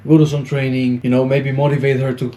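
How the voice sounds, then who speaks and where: Guy rambling dating tips, mellow low-ish voice, lots of you know and like. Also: flat delivery, fast talker. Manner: acts out little quoted dialogues. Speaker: dating advice vlogger. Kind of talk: casual advice monologue.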